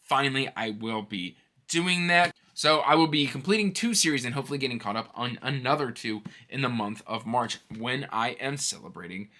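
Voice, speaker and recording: A man in his thirties talks through his reading plans in a casual, rambling vlog, breaking into animated asides. His voice is bright and forward and sits at an ordinary middle pitch. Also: moderate pace. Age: 30s. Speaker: book channel host.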